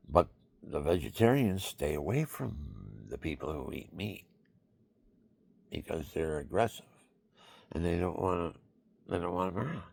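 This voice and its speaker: Deep, gravelly man rambling on. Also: dry recording. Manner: rambling, repetitive, acts out quoted voices. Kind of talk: rambling monologue.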